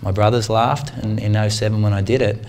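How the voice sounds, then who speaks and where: A man in his forties giving a talk to a club, telling a story in a lively, slangy way and acting out what people said. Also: fairly low pitch, a little fast. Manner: animated, slangy storyteller who acts out the people in his stories. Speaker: guest speaker, triathlete.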